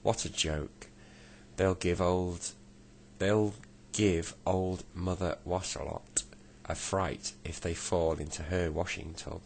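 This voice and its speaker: A man's voice: low-pitched, fairly even intonation, takes it slowly, vocal fry, slight background noise, full character voice. A man reading a gleeful, mischievous storybook man.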